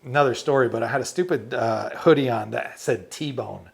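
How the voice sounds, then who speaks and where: Animated retired army medic telling war stories. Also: male voice, mid-range voice, normal speed, vocal fry. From United States. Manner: animated storyteller, laughs often, acts out quotes. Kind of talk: storytelling interview.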